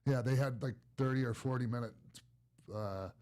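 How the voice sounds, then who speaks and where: A man's voice: mid-range voice, normal speed, a little mellow. Rambling man hosting a podcast. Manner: loose, rambling, lots of "you know" and restarts. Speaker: podcast host. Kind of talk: casual chat.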